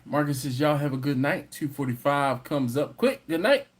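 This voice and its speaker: Brief: man, slightly higher pitch, playful livestream host bantering with chat. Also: animated, normal speed. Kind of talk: casual live chat reading comments.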